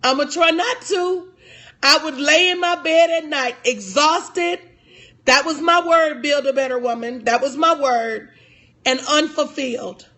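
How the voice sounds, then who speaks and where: A middle-aged woman speaker with a high, bright, forceful voice. She hammers her points home through repetition in a preacher-like rhythm. Her talk is heartfelt and confessional. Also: measured pace. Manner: emphatic and repetitive, in a preacher-like cadence. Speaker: motivational speaker and life coach. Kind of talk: motivational speech to an audience.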